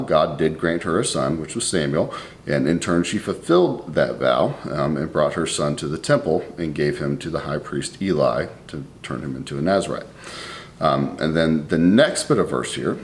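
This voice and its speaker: A man's voice: extremely low pitch, a little hiss or hum. A man giving a verse-by-verse Bible study, reading scripture aloud and then explaining it in a conversational way. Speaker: Bible teacher.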